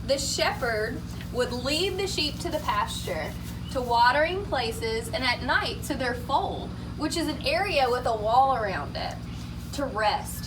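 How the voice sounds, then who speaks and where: Woman, high voice, steady lesson reading for children, distant mic, noisy background. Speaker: Bible story teacher. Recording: set back from the mic, clear background noise.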